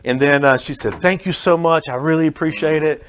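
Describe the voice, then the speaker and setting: A man's voice: a little high, a little fast, fairly bright tone, slight background noise. A man, a pest control worker who is also a pastor, telling an earnest story as a guest in a radio studio and acting out the people he quotes.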